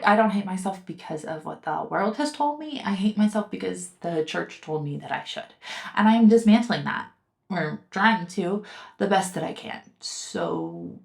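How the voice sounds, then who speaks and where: A woman's voice: medium pitch, fairly bright tone. A young woman reviewing a book in casual commentary, heated and sarcastic, swearing often. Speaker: book reviewer and podcast host.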